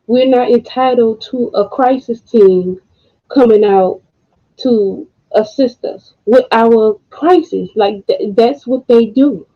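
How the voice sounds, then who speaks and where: A woman co-hosting an online talk stream, speaking with frustration and halting pauses, close to tears, with blunt profanity. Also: a little high. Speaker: co-host. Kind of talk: emotional commentary. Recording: dull lo-fi home recording.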